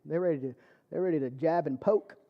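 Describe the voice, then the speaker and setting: A man's voice: fairly high pitch, fairly quick, gravelly, muffled recording. A man preaching a personal testimony sermon, telling his story conversationally with lots of fillers. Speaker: church speaker.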